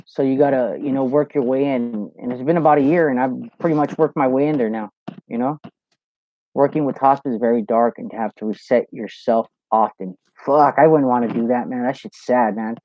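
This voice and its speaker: A live Q&A host with a medium-pitched voice talks a little fast, loose and profane, reading viewer comments and telling stories full of "you know." The sound is dull, dry and lo-fi.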